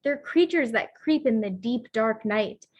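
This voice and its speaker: A woman's voice: a little high, animated, moderate pace, darkish tone, dull audio. A woman voicing a gooey swamp blob monster in a storybook, scolding a child to bed.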